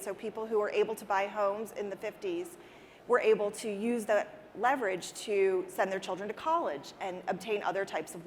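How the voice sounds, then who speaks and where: A woman speaking earnestly as an interview guest, restarting her sentences and repeating words as she goes. Her voice sits at a middle pitch. It carries a long reverb, as if recorded in a large hall. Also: slight background noise. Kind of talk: conversational interview answers. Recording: reverberant hall with faint ambience.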